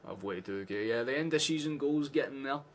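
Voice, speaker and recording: A Scottish man hosts a live football watchalong, chatting casually through the match with sarcastic asides and plenty of swearing. His medium-pitched voice is animated and fairly quick, with a little hiss or hum in the recording.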